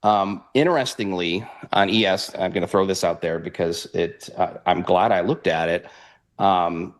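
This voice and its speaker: A man talking through futures charts in a rambling, animated way, laughing often. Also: low voice, normal speed. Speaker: futures trader guest. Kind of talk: casual market analysis chat.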